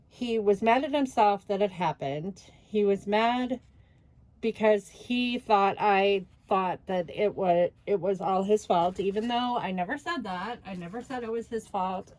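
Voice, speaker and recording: A woman's voice: mid-range voice, a little mellow, rough recording. A woman hosting a craft channel, talking casually in a voice-over while she works. She vents about her frustrations, sighing and laughing ruefully. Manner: venting, retelling with quoted back-and-forth.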